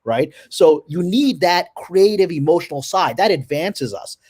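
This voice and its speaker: A man's voice: on the high side, lively intonation, unhurried, a little mellow, slightly rough. A man appearing as a guest screenwriter, talking in an opinionated, talkative way on a casual live stream.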